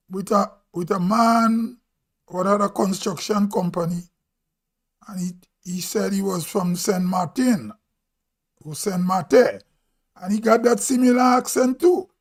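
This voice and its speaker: A man from Grenada with a Grenadian accent, talking casually on a live stream and musing aloud as he goes. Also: sits high. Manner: slow, musing, thinking aloud. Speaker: vlog host.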